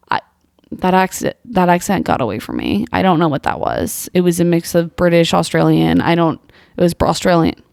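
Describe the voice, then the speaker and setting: A woman's voice: on the low side, expressive, moderate pace, creaky, darkish tone, no room sound, studio quality. A young woman hosting a comedy monologue show, reading social media posts aloud and reacting with exasperated, incredulous rhetorical questions. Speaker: podcast host.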